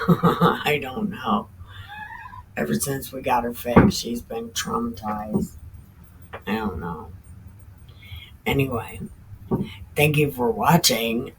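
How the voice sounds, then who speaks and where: A woman's voice: rumbling low, expressive, a little hiss or hum, rough recording. A woman casually reading the Bible aloud and commenting on it in an irreverent, chatty way, laughing often and swearing now and then. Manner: drawn-out, emphatic sign-off sayings.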